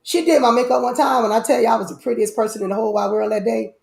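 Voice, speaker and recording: A woman hosts a casual live stream in a slightly higher voice. She is animated, breaks into loud outbursts and repeats herself often. The room around her is echoey. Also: rapid-fire, vocal fry. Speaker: host.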